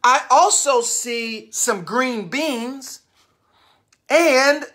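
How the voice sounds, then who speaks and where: Animated woman reading a kids' book. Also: on the high side, takes it slowly. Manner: animated, questions the listeners. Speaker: storyteller reading to children. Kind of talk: read-aloud picture book for kids.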